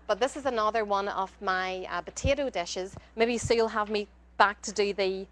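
An Irish woman, a guest cookbook author, chats on a cooking class in a mid-pitched voice. She talks earnestly and restarts her sentences often. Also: normal speed, a bit bright, slight background noise. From Ireland. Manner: earnest, with frequent restarts and fillers. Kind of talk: casual cooking class chat.

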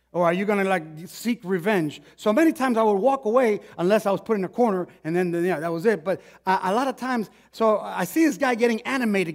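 A male pastor preaching a sermon, telling a personal story in an animated, conversational way with frequent restarts. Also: fairly high pitch.

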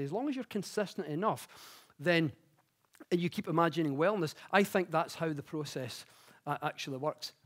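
High-voiced man telling stories on stage. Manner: chatty, self-mocking storytelling that grows animated. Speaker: conference speaker. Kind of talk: public talk with personal anecdotes. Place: conference stage before an audience.

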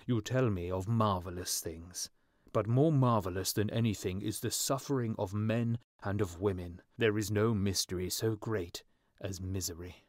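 Man reading a kind sad statue prince from a fairy tale, low calm voice, very dry sound. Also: moderate pace, no echo, close to an everyday voice. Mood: earnest. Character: kind grieving statue prince, compassionate and noble.

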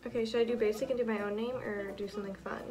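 A woman in her twenties commenting on a game as she plays, excitable, gasping and swearing often. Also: medium pitch, very fast. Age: 20s. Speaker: gamer. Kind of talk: let's play commentary. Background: game music.

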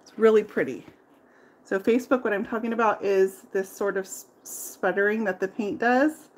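In her workshop, a furniture painter runs a live tutorial, speaking at a normal speed in a mid-range voice. She chats her way through every step of the painting demo and laughs readily.

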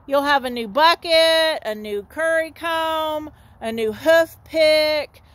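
A woman's voice: sits high, a bit bright. A woman giving a folksy, informal sermon outdoors, repeating her points and calling her listeners "saints.". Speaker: street minister. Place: outdoors in a dry horse lot.

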